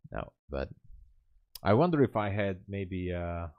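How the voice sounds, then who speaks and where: A man's voice: low-pitched, dry recording, phone-quality sound. A man hosting a live day-trading stream, thinking aloud, greeting viewers in chat and laughing often. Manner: relaxed, halting, many fillers. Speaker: day-trading livestream host. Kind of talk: live commentary while trading and reading chat.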